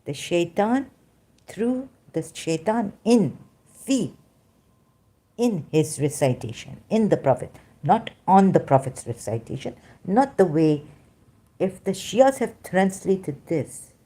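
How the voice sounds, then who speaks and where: Slow, mellow woman with an accent. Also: on the low side. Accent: non-native English accent. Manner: emphatic, rambling, addresses listeners directly. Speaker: vlogger. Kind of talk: unscripted monologue to viewers.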